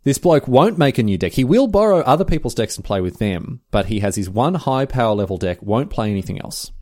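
A man co-hosting a podcast in casual chat, jokey and animated, acting out quotes in raised voices. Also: mid-range voice, a little fast, dry recording, studio quality. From Australia. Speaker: podcast co-host.

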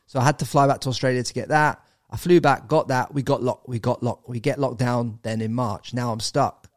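Animated English man telling a story. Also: mid-range voice, brisk, dry recording, studio quality. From England. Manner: animated, swears, says bro and mate. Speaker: podcast guest. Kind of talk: casual storytelling.

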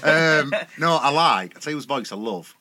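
A man's voice: medium pitch, lively intonation, crowd noise. A man with a Sheffield accent, chatting bluntly and swearing freely as a podcast co-host. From Sheffield, England. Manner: blunt and sweary, quick banter. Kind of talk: casual podcast chat.

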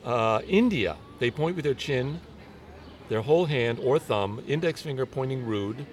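A man's voice: mid-range voice, lively intonation, a little slow, slight background noise. A man hosting a casual chat outdoors in a garden, playful and jokey, now and then acting out little voices. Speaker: show host.

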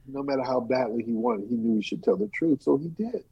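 A man who is a storyteller and teaching artist, talking in an interview and performing a tale in an animated, playful way. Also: medium pitch, a little fast, few pauses, husky, dull audio. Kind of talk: interview chat and live storytelling.

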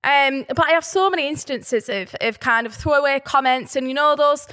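A woman's voice: sits high, normal speed. A woman in her thirties with a Burnley accent, co-hosting a casual podcast chat and telling stories with energy. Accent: Burnley, Lancashire. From Burnley, England. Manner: animated storyteller, reads out facts. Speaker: podcast co-host. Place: indoors on a sofa.

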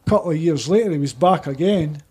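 A Scottish man, a podcast guest, telling one rambling, excited anecdote after another in casual chat. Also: on the high side, fast talker, background noise.

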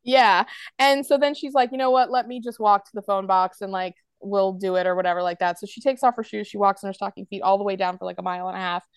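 A woman's voice: medium pitch, fairly even intonation, quick pace, clean tone, dry recording. A woman with an American accent, a podcast co-host in casual chat, rambling with lots of "like" and acting out quotes. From United States. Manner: rambling, heavy use of "like", acts out quotes.

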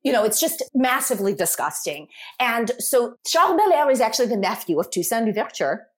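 A woman guest talking through a history topic on a podcast, explaining at length in a lively way with asides. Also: on the high side, brisk.

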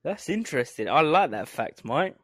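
A man's voice: a little high, very animated, moderate pace, fairly bright tone, slightly rough, no echo, studio quality. A man co-hosting a comedy podcast, chatting casually and laughing often. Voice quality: laughs a lot, slips into silly voices. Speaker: podcast co-host.

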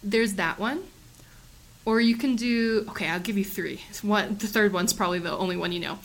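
A woman's voice: medium pitch, normal speed. A woman co-hosting a podcast in casual chat, playful and giggly, sometimes breaking into bits of song. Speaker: podcast co-host.

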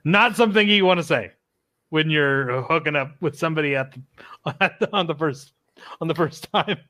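A man's voice: on the high side, animated, moderate pace, sharp tone. A man guest on a podcast, chiming in with short remarks and repeating favorite movie lines. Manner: chimes in briefly, repeats quoted lines, laughs. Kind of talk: casual chat.

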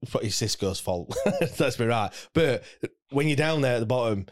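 A man's voice: medium pitch, animated, moderate pace. A man, co-hosting a casual football podcast, rambling with fillers and tag questions. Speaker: podcast co-host.

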